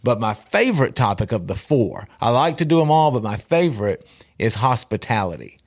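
A man talking as a guest on a talk show, animated and telling stories with easy laughs. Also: medium pitch, normal speed. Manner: animated, storytelling, laughs easily. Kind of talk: casual talk-show conversation.

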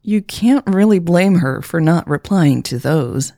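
A woman voicing a frank, caring young woman who teases her sister and presses her gently. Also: lowish voice, animated, a little slow, no echo, clean studio sound. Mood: insistent. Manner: teasing, frank, gently insistent.

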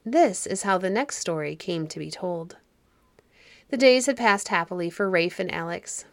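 A woman narrating a children's fairy story audiobook in a calm, measured way. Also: fairly low pitch, creaky, dry recording.

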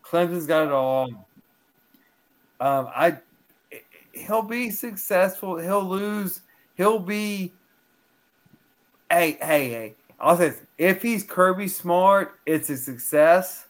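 Male co-host, sports talk, heated and argumentative, unhurried delivery. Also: high voice. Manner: fired up, argumentative, talks over others. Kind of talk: casual sports podcast chat.

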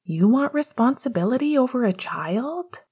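A woman's voice: fairly high pitch, animated, normal speed, a little mellow, breathy edge, pitched above the performer's own voice. A woman voicing a sensible young mother in a storybook reading, dry and matter-of-fact.

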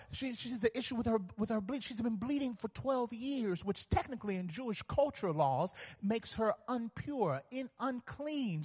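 A man preaching a sermon as pastor, telling stories with animation and building to fervent shouting. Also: high voice, breathy edge, long reverb tail.

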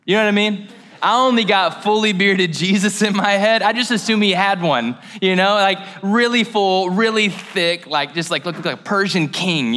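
A high-pitched man from Kentucky preaches to his church through a mic, keeping it loose and chatty. His voice is bright and forward, full of jokes and slangy asides. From Mayfield, Kentucky, USA. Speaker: pastor. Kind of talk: casual, humorous sermon. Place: church service. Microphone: handheld or headset mic.

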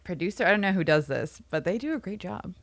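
A woman's voice: fairly low pitch, expressive, fast talker, gravelly, dry recording. A woman co-hosting a podcast, chiming in with quips and laughter during a casual recap. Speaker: podcast co-host.

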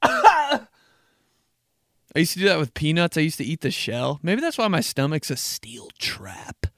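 Bright-voiced, profane young man podcaster. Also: fairly high pitch, very animated, moderate pace, no room sound, studio quality. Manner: profane, rambling, laughs at his own stories. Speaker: podcast host. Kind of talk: casual comedic storytelling.

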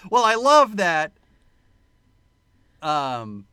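A man's voice: on the high side, huge pitch swings, drawn-out words, bright, forceful tone, clear, resonant tone, no room sound, clean studio sound. A man co-hosting a podcast, chatting casually and joking about a movie, laughing often. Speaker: podcast co-host. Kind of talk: casual movie-review chat.

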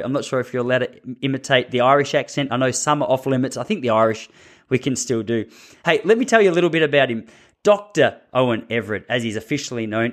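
Man, podcast host, upbeat, chatty, mid-pitched voice. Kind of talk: casual podcast chat.

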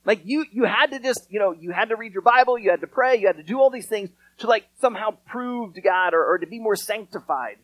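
A man preaching a sermon in a casual, conversational way, acting out quotes with lively storytelling. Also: high-pitched, fast, hardly any pauses, no room sound, poor audio. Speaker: pastor.

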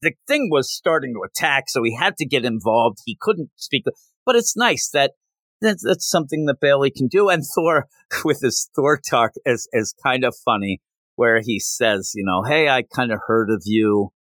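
A man hosting a podcast, chatting casually about comic books and retelling scenes with quick voiced quotes. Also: mid-range voice, lively intonation, fairly bright tone, no echo. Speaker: podcast host. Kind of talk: casual comic book review chat.

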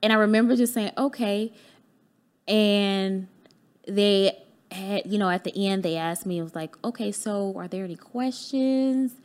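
A woman's voice: medium pitch, a little slow. Earnest woman telling her story. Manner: candid, acts out remembered dialogue. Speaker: podcast guest, business owner. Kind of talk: personal storytelling in a podcast interview.

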